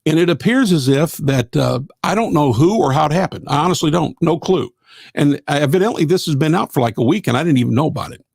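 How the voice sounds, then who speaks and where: A man's voice: on the high side, expressive, quick pace, vocal fry, a little mellow, slightly rough, no room sound. A middle-aged man, hosting a live gospel radio show in a folksy, rambling way with lots of fillers. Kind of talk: casual live-stream chat.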